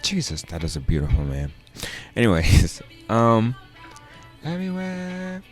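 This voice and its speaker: A young man, a comedian, telling a personal story in a loose, profane, animated way, often jumping up into high exclamations. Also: normal speed, soft background music. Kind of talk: storytelling monologue.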